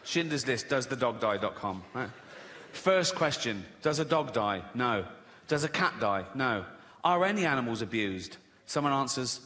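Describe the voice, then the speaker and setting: A man's voice: medium pitch, lively intonation, moderate pace, bright, forceful tone. A man in his sixties with an English accent, doing a sardonic stand-up routine and acting out little voices. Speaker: stand-up comedian. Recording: live arena reverb, faint noise.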